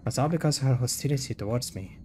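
A man reads a horror game's text aloud as a streamer, keeping an even, middle-pitched voice with no put-on voices for the characters. He stops now and then for short remarks of his own before going back to the text. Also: a little hiss or hum. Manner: reads dialogue and narration plainly, breaking off for quick reactions. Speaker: streamer playing a horror visual novel. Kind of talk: reading game text aloud with commentary.

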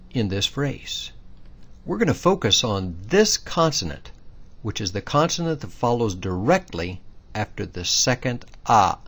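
A man's voice: medium pitch, fairly bright tone, slightly rough. A man giving a patient, methodical pronunciation lesson, explaining rules step by step and stressing the key words. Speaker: language teacher.

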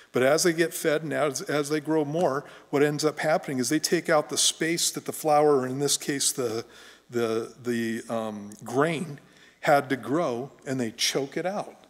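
A middle-aged male pastor preaching in a conversational, folksy storytelling way in a church. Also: a little high. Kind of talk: conversational sermon. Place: church sanctuary. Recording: long church reverb.

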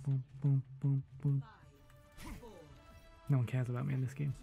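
A man's voice: mid-range voice, little pitch movement, moderate pace, gravelly, over music. A man giving live, jokey commentary while he plays a video game, exclaiming and laughing often. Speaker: game streamer.

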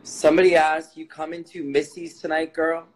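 A man's voice: on the high side, flat delivery, normal speed, low-quality recording. Upbeat man reading out viewer comments. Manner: relays questions, upbeat and teasing. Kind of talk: casual chat.

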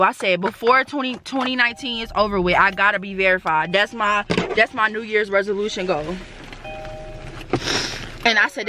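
A young woman vlogging in a casual, excitable way, repeating herself for emphasis. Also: medium pitch. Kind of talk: casual vlog talk. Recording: noisy background.

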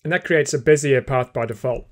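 A man walks through a screen-recorded software tutorial at an even, unhurried pace, speaking in a mid-range voice. He explains each step calmly, the way an instructor narrates while clicking through a program. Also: medium pitch.

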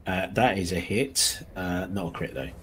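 A man narrating as game master, halting often with ums and small self-corrections, and sometimes laughing as he describes the scene. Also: low-pitched, expressive, slight background noise.

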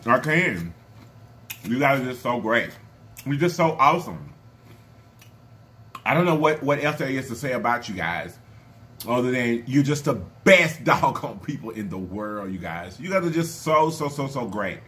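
A man hosting an eating vlog who gushes with thanks to his viewers, repeating words over and over between loud appreciative murmurs over his food. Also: medium pitch, big pitch swings, moderate pace. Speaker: mukbang channel host. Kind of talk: casual eating vlog chat.

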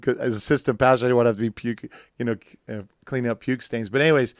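A man's voice: medium pitch, fairly even intonation, quick pace, hardly any pauses, clean tone, dry recording, studio quality. A pastor talking in a rambling, joking way on a conversation podcast, acting out the people he quotes. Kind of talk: casual conversation. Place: studio.

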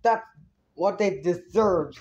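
A woman's voice: on the low side, slow, darkish tone, highs cut off. A woman giving an indignant review rant, swearing freely. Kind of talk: ranting review vlog.

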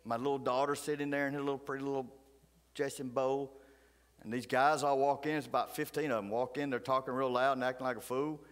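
A middle-aged man, a pastor telling folksy stories in a sermon, flaring loud, then dropping to hushed asides. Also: mid-range voice, little pitch movement, quick pace. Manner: folksy, fiery, swings between loud outbursts and hushed asides. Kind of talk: animated storytelling sermon. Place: church sanctuary. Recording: church hall reverb.

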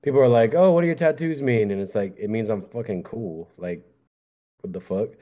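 A man's voice: on the low side, a little fast. A man hosting a casual dating stream, laid-back and terse, swearing casually over a video call. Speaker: dating show host. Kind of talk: casual livestream chat. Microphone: video call microphone. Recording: dull lo-fi call audio.

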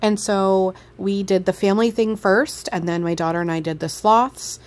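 A woman's voice: mid-range voice, fairly even intonation, moderate pace, a little hiss or hum. A woman, a mother, narrating a family travel vlog in a chatty, enthusiastic way as she recommends an outing. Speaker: vlogger, mother on a family trip.

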